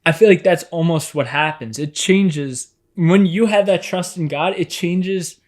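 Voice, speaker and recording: A man's voice: fairly high pitch, a little slow, a little mellow. A man on a podcast, talking casually and reflectively about faith, hesitant at the start of his thoughts. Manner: hesitant, restarts, then reflective. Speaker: podcast co-host.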